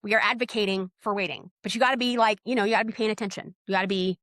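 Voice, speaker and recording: A woman's voice: mid-range voice, fairly even intonation, rapid-fire, a bit bright, no room sound, studio quality. A middle-aged woman, a doula telling stories in a casual interview, blunt and outspoken, and she often acts out the dialogue. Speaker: doula, podcast guest.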